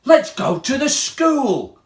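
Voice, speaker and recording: A man's voice: very high voice, huge pitch swings, slow pace, voice pushed up, full character voice. Man doing a growling, boastful monster leader. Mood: scheming. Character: scheming, boastful male monster mug leader. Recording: roomy room echo.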